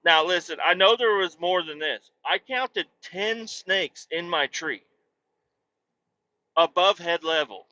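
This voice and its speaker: A man hosting a podcast, telling a profane, animated story and acting out voices with sudden loud yelps. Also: on the high side, dull audio. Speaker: podcast host. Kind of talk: casual storytelling monologue.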